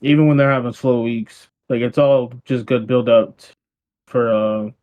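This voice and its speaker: A man's voice: mid-range voice, steady tone, normal speed, phone-quality sound. A man co-hosting a casual podcast, chatting in a laid-back way with some swearing. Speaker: podcast co-host. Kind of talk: casual wrestling podcast chat.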